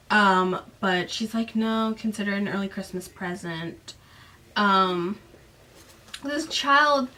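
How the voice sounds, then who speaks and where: A woman casually recapping a novel in a chatty, sarcastic way, acting out the characters' lines with jumps in pitch. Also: pushed and bright, distant mic. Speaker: book recap vlogger.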